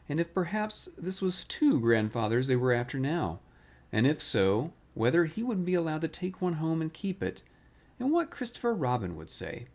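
A man reading a bedtime storybook aloud in a gentle, relaxing way. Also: mid-range voice. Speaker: storybook reader.

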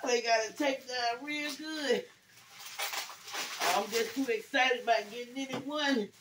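An older woman hosting a casual gift-opening vlog, thanking viewers warmly and praising God, calling everyone y'all. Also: on the high side, unhurried. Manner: religious, praising God often; grateful, calls viewers y'all. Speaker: vlogger. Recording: echoey room, far from mic, faint noise.

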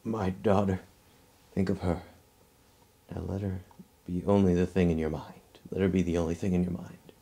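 A man quietly doing a calm man soothing the dying. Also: low-pitched, moderate pace, gravelly, pauses often.

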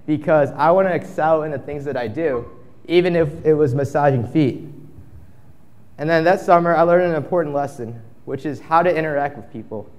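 A man's voice: fairly high pitch, darkish tone, long reverb tail. A young man in his twenties giving a casual storytelling talk at a conference, acting out the quotes in his story. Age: 20s. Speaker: conference speaker. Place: conference stage.

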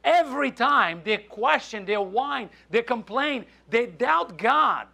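Halting, gravelly-voiced male preacher. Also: very high-pitched, expressive, bright, forceful tone. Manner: halting, with many restarts and fillers. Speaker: pastor. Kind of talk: sermon. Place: church sanctuary.

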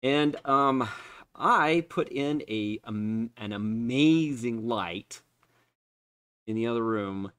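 A man's voice: mid-range voice, slow, fairly bright tone, clear, resonant tone, no echo. A man chatting casually while streaming a game from his unfinished basement, laughing often and joking at himself. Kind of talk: casual live-stream chat.

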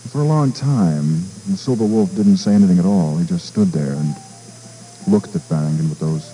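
A radio disc jockey reads a children's story aloud, his very deep, dark voice rising and falling with feeling. He stumbles now and then, repeating a word before going on. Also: poor audio. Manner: expressive, with small stumbles and repeats. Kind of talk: storybook narration.

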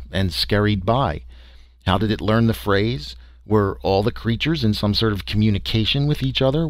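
A man's voice: on the low side, dry recording. A man reading a story as a first-person audiobook narration, in a folksy, conversational way with small hesitations.

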